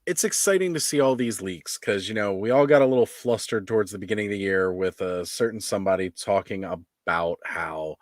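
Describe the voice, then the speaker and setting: A man's voice: lowish voice, fairly quick, hardly any pauses, no echo, clean studio sound. A man hosting a podcast, chatting casually with joking, easygoing banter. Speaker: podcast host. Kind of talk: casual chat.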